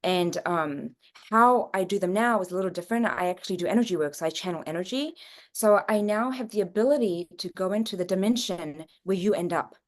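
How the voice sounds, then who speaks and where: Woman guest, mid-pitched, earnest and explanatory, expressive delivery. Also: fairly quick. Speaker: psychic reader and guest. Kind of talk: conversational interview.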